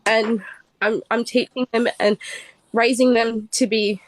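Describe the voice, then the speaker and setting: A woman speaking in an earnest, heartfelt, halting way on a phone livestream. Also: on the high side, steady tone, no room sound, rough recording. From Australia. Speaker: livestream guest. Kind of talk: emotional livestream talk.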